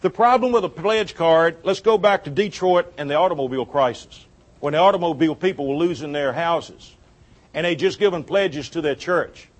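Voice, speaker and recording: A man telling a folksy church story in a sermon-style talk, animated and chuckling as he goes. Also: a little high, moderate pace. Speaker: church speaker on giving.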